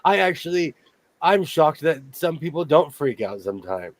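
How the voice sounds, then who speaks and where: A man in a casual group chat, joking and quick to laugh. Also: fairly high pitch, very animated.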